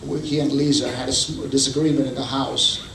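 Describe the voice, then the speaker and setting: A man's voice: medium pitch, flat delivery, quick pace, a bit bright. A man preaching a sermon, telling stories and acting out the quoted lines. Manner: storytelling, acts out quotes. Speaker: pastor. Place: church hall. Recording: echoey hall, distant mic, faint noise.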